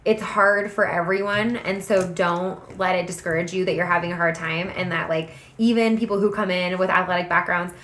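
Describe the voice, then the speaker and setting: A woman co-hosting a podcast in a casual, chatty way, full of fillers and quick asides. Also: lowish voice, echoey room, a little hiss or hum. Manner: chatty, animated, many fillers. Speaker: podcast co-host. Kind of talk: casual chat.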